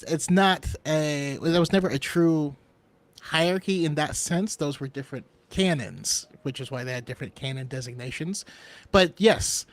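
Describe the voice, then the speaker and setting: A man with a fairly high voice hosts a casual fan discussion show. He explains in long, rambling stretches, restarting sentences and chuckling as he goes. The sound is dry and close, with no room echo. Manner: rambling, chuckling between points. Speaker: podcast host.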